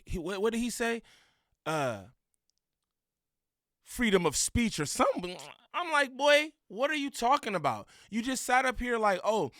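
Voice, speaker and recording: A man's voice: fairly high pitch, a bit bright, no room sound, studio quality. A man giving blunt, slangy reaction commentary on a clip, getting heated.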